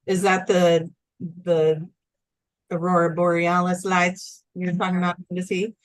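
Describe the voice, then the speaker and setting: A woman with a fairly low, level-toned voice speaks a little slowly as she co-hosts a casual livestream. Upbeat and chatty, she cheerfully reads viewer comments aloud, naming where people are tuning in from.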